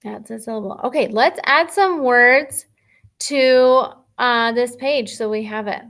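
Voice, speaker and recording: Woman teacher, kids' phonics video, slow patient delivery, slightly high voice. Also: a bit bright. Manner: slow, patient, thinking aloud while writing. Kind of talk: recorded phonics lesson for children.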